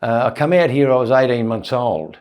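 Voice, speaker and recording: A man's voice: medium pitch, expressive, a little fast, darkish tone. An Australian man in his seventies, a comedian guest in a casual interview, telling rambling anecdotes with frequent chuckles. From born in England, raised in Australia.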